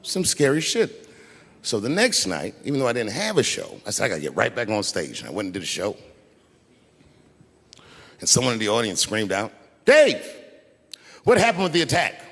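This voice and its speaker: A man doing a stand-up comedy routine, telling his story in a lively way that swings from hushed asides to shouted punchlines. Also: lowish voice, brisk, pauses often, husky. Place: large theater stage before a live audience. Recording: roomy hall with loud crowd noise.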